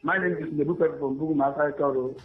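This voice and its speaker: A man calling into a radio show with a Nigerian Pidgin accent, talking rapidly and repeating himself. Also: fairly high pitch, fairly even intonation, crowd noise. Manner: rapid and repetitive. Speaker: caller. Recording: tinny phone line with music behind.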